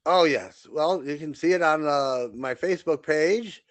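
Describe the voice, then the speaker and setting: An older man, a comedian and podcast host, telling stories in a casual, animated way, repeating words and acting out voices. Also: on the high side, measured pace, no echo. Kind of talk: casual storytelling.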